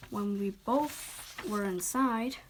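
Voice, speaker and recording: Young woman narrator; soft, whispered role-play reading. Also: mid-range voice, slow pace, a little hiss or hum. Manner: soft, often whispered, occasional stumbles. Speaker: story reader.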